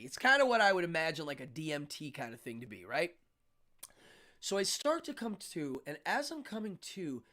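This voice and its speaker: Animated man telling a story. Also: on the high side. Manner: animated, acts out yelling voices in his story. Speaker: podcast host. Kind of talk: casual storytelling.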